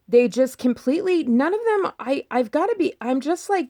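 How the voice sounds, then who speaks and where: A woman vlogger gives casual commentary in a mellow, expressive voice at normal speed with hardly any pauses. She is insistent, repeating her points and firing off rhetorical questions, and her pitch jumps up whenever she gets emphatic.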